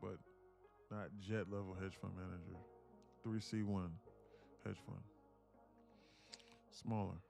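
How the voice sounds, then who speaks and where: A man from with a gravelly voice, boasting about his trading and bantering with viewers on a live stream from his home apartment. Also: low voice, steady tone, takes it slowly, long pauses, dark tone, faint music behind. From Atlanta, USA. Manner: boastful, teasing banter with chat. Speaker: day trader streamer.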